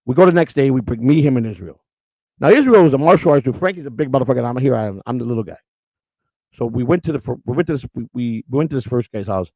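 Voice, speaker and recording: Fast-talking gravelly man telling stories. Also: medium pitch, lively intonation, warm tone, no echo. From Chicago area, USA. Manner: profane, rambling street talk. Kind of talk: casual storytelling.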